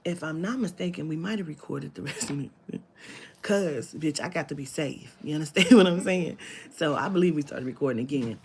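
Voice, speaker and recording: A woman telling a story to camera, animated and profane, dropping into whispered asides. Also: low voice, a little fast, slight background noise. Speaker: spiritual reader telling a story.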